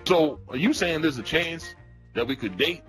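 A man's voice: a little high, moderate pace, faint music behind. A man playing a crude, pushy young troll who teases and badgers in slangy chat-room banter. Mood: cheeky. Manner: brash, teasing, slangy, lively sing-song delivery. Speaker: prank caller in online voice chat. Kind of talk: comedic trolling role-play.

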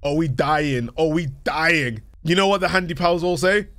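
A young man commentating a horror game playthrough, reacting excitably and reading the on-screen text aloud. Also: fairly high pitch, normal speed, no room sound. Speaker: gaming youtuber.

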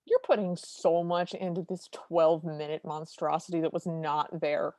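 A woman's voice: deep voice, normal speed, a little mellow, no echo. A woman co-hosting a podcast, recapping a cartoon in a wry, detailed, opinionated way. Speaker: podcast co-host. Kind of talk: casual chat recapping a film.

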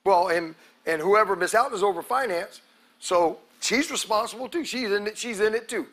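A male pastor preaching a sermon to his congregation, calling out to them and acting out quotes, breaking into loud shouts at the peaks. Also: sits high, moderate pace. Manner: preaching with call-outs to the congregation, acts out quotes. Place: church sanctuary.

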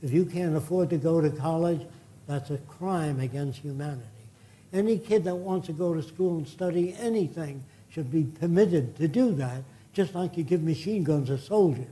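An older man gives a public lecture with audience Q&A, blunt and indignant, scattering profane asides through his points. His voice is a little high for a man yet dark and mellow, at normal speed.

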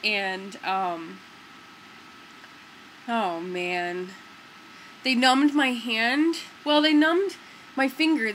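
A woman's voice: a little high, fairly bright tone, slight background noise, low-quality recording. A young woman vlogger telling a story to the camera in a rambling, casual way, full of fillers like "like" and "dude".

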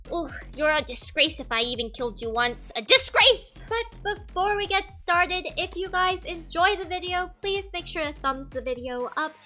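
A woman's voice: very high-pitched, moderate pace, bright, forceful tone. A young woman hosting a gaming channel, narrating gameplay in a playful, mock-boastful, trash-talking way. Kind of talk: comedic gameplay voice-over.

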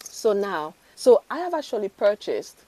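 A woman's voice: medium pitch, sing-song, a little slow, darkish tone. A woman fashion vlogger chatting casually through a bangle try-on haul, gushing and full of fillers and restarts. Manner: gushing, chatty, lots of fillers and self-corrections.

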